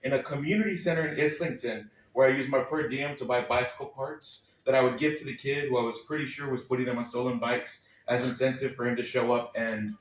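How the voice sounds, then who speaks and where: A man reads his own essay aloud on a small club stage, his tone wry and sardonic, dropping dry asides as he goes. His mid-pitched voice sits a little back from the microphone, and the room rings with a noticeable echo. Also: fairly even intonation, a little fast, few pauses, slight background noise. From Texas, United States. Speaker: spoken-word performer. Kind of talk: reading a personal essay aloud at a live club night. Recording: echoey room, voice a little far from the mic.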